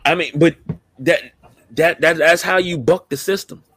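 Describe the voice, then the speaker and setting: Brief: man, slightly high voice, slangy and stammering podcast co-host, dry close mic. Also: moderate pace, fairly bright tone, husky, no room sound. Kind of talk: casual wrestling chat.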